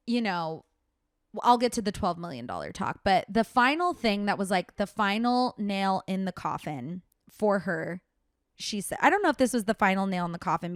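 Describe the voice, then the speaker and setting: A woman's voice: medium pitch, no room sound. Woman podcast host, heated gossip rant, curses freely, lots of "like", dry close sound. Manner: fired-up, swears often, lots of filler "like". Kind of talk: casual gossip commentary.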